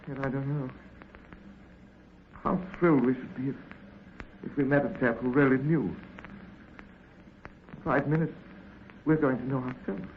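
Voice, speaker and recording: An actor playing an impulsive young poet with a theatrical, clipped delivery, in 1930s radio drama style. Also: male voice, medium pitch, slight background noise, close to an everyday voice. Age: young adult. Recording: muffled, echoey 1930s radio broadcast.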